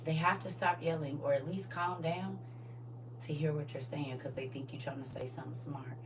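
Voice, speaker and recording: A middle-aged woman hosting a casual livestream, talking in a lively, folksy way to her viewers and sometimes dropping to a soft whisper. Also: low voice, normal speed. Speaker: livestream host. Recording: distant mic with faint hum.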